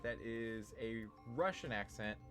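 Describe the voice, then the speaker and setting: A man's voice: lowish voice, expressive, unhurried, a bit bright, faint music behind. A man running a tabletop game as game master, narrating and laughing easily. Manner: laughs often, easygoing.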